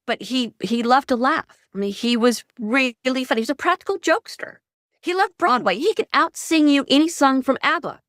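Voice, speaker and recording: A middle-aged woman, a guest author, telling stories in an animated way and acting out quoted dialogue. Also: sits high, fairly quick, no room sound, studio quality. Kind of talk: conversational storytelling.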